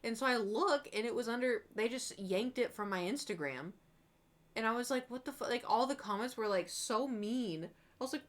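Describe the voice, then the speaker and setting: A woman's voice: on the high side, moderate pace. A young woman streamer chatting casually while she paints, telling rambling stories and acting out her own past reactions. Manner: rambling, animated storytelling, quotes herself with exclamations.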